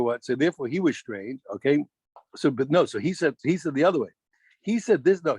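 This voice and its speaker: A man teaching a daf yomi Talmud class, animated, restarting phrases and quizzing his students. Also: mid-range voice, husky, dry recording.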